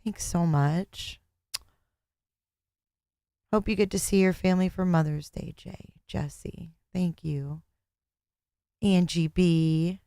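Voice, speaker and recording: A middle-aged woman chats on her home livestream in a smooth, clear voice that sits a little low. She talks casually to her viewers, reading their names and thanking them. The sound is dry and close, with no room echo. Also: fairly even intonation, slow pace, long pauses, dark tone. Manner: chatty and emotional, thanking viewers by name. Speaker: livestream host.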